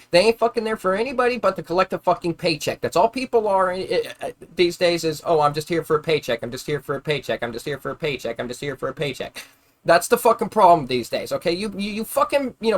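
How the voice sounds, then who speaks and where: A man ranting angrily on a live stream, swearing constantly and repeating himself as he gets heated. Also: fairly high pitch. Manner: heated, profane, repetitive, grows louder when angry. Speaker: livestreamer. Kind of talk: angry live-stream rant.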